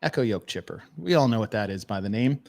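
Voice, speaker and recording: A man hosting a casual podcast chat, animated and quick to laugh and swear. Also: on the low side, vocal fry. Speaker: podcast host.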